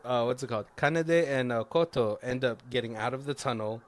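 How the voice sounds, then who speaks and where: A man of ordinary pitch recaps a film on a podcast in a loose, rambling way. He fills gaps with "like" and "uh" and corrects himself mid-sentence. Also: steady tone, fairly quick. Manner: rambling, many fillers and self-corrections, frequent laughs. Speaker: podcast co-host. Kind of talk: casual movie recap.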